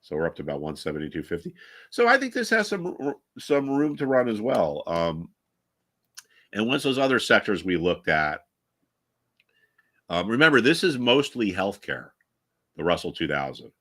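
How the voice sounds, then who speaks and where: A man's voice: fairly low pitch, very animated, normal speed, pauses often, a bit bright. A man hosting a live trading stream, chatting casually and with strong opinions, full of restarts and fillers.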